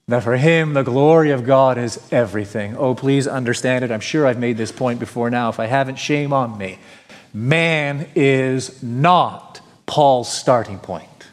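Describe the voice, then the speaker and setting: A male pastor preaching a sermon, earnest and emphatic, asking rhetorical questions. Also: mid-range voice. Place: church sanctuary. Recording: long reverb of a church hall.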